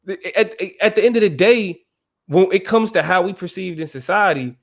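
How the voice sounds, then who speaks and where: A man co-hosts a casual podcast discussion, speaking emphatically and repeatedly checking in with his listener by asking "you feel me." His voice is high-pitched and moves at a moderate pace.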